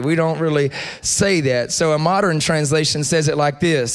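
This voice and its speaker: A young adult man preaching a sermon in a church, leading the congregation in call and response and building to loud prayer. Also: on the high side, brisk. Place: church sanctuary.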